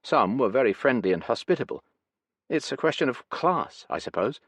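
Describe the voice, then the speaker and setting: A man's voice: medium pitch, very animated, moderate pace, husky, no room sound, voice pushed up. A man voicing a weary, talkative Soviet gunner in an audiobook.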